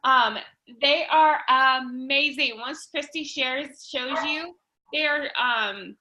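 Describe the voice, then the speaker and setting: Bright, high-voiced enthusiastic woman. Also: slow, low-quality recording. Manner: enthusiastic, full of filler ums and restarts. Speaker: direct sales team leader. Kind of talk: casual livestream team update.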